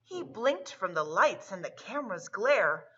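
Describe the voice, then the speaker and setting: A woman's voice: medium pitch, big pitch swings, husky, lo-fi sound. A woman librarian reading a picture book aloud and leading a storytime for children. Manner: warm, slow, sing-song delivery for kids.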